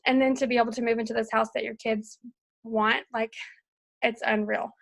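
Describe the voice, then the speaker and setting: A woman's voice: on the high side, flat delivery, moderate pace, creaky. A woman in her thirties, a team coach, sharing her story in a bubbly, gushing way on a group call, laughing often. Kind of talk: casual testimonial on a group call.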